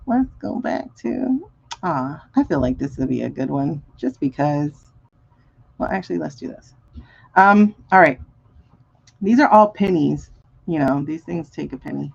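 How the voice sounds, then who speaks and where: A woman hosting a live tarot reading stream, chatting casually with viewers, animated and laughing often. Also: lowish voice, gravelly, husky, dull audio. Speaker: tarot reader and stream host.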